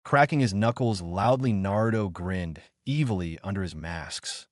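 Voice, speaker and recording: Brief: low male narrator, steady fan-fiction reading, dry sound. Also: moderate pace, no echo.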